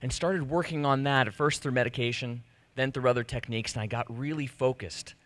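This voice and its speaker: A man in his thirties telling a personal story to a live audience, animated and self-deprecating, acting out the conversations he recounts. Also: medium pitch, brisk, no echo. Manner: animated, self-deprecating, acts out quoted exchanges. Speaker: speaker giving a personal talk. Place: stage before an audience.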